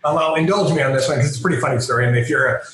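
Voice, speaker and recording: Animated storyteller man in an echoey room. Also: a little high, rapid-fire, a little hiss or hum. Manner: lively, self-mocking storyteller. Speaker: guest, comic book and storyboard artist.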